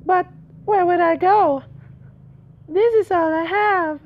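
A man voicing a meek, creepy old widow in a thin falsetto, playing along with a game's dialogue. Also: slow, dull audio, heavily acted. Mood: pleading. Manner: pleading, politely sweet.

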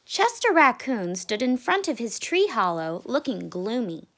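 A woman, a teacher, reading a children's picture book aloud in an expressive, deliberate way. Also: on the high side. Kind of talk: read-aloud storybook narration.

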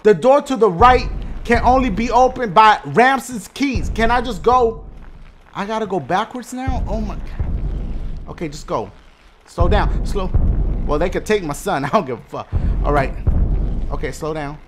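Profane, excitable man yelling at a game. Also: high voice, a little slow, pauses often, a little hiss or hum. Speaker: gaming YouTuber. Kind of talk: gameplay commentary.

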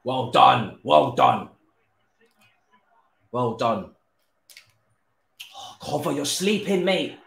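Young man, slow-talking game streamer, shouts and swears at the screen, echoey room. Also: mid-range voice, creaky. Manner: excitable, shouts and swears at the players. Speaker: gaming streamer. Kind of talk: live gameplay commentary.

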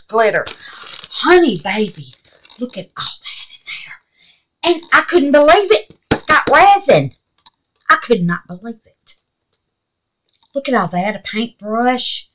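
A woman's voice: fairly high pitch, a little hiss or hum, poor audio. An older woman with a Southern US accent hosting a casual crafting vlog, chatty and gushing, calling her viewers honey and babies. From Mississippi, USA. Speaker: resin craft channel host.

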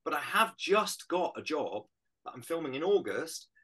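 A middle-aged British man, an actor, talking through his craft in a casual interview, animated and reflective. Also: on the high side, normal speed, husky. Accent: British English. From Britain. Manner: animated, reflective, explains with images. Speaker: actor guest. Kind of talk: casual interview on a video call.

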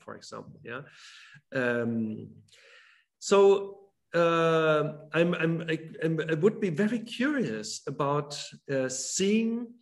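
A German man, an author speaking as guest in an online talk, whose first language is German. He talks hesitantly, with many fillers and restarts. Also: on the high side.

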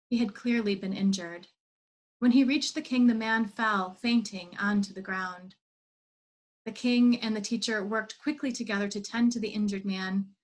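A woman telling a parable in an online church service, in a measured, steady reading. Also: mid-range voice, rough recording. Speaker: worship leader.

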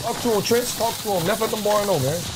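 A male streamer gives boisterous, taunting gameplay commentary in swaggering slang, trash-talking as he plays. His voice is high and he talks fast. Gameplay audio and noise sit behind him.

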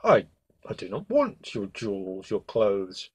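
A gentle, patient talking frog speaks softly and politely, as a man reading a bedtime storybook does the voice. The tone is husky and hushed, close to his own reading voice. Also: lowish voice, huge pitch swings, unhurried, pitched below the performer's own voice, exaggerated voice. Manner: soft, gentle delivery.

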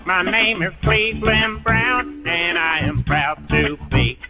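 A man playing a cheerful cartoon family man who sings slowly about his hometown. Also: high voice. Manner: slow, sung over guitar. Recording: lo-fi phone line with guitar music.

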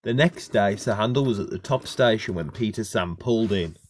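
A man narrating a children's story in a steady, plain reading voice. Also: on the low side, a little fast.

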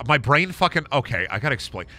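A young adult man streaming a zombie game, with a bright, sharp voice that swings all over the place. He rambles from one joke to the next and swears freely. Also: medium pitch, sing-song, fast talker, slight background noise. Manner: rambling, joking, profane asides. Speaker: gaming streamer. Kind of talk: casual game-stream commentary.

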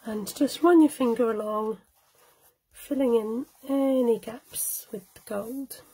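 A friendly woman talks viewers through a live cardmaking tutorial, chatting and laughing as she works. Her voice sits a little high but has a soft, mellow tone. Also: slow pace, slightly rough, rough recording. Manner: chatty, laughs often, greets viewers by name. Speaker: cardmaking demonstrator. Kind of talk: live-streamed craft tutorial.

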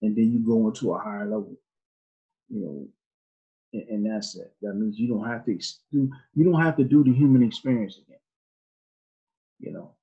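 A man's voice: lowish voice, moderate pace, pauses often, husky. A man teaching an informal Sunday school class in a conversational way, asking his students questions, on a dull lo-fi recording.

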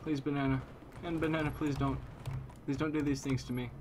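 Goofy man commentating over loud gunfire. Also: steady tone, brisk, noisy background. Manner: swings between loud exasperated outbursts and low mumbling asides; goofy, self-mocking, talks trash at opponents. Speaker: gameplay commentator. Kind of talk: live shooter gameplay commentary. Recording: game gunfire clearly heard behind the voice.

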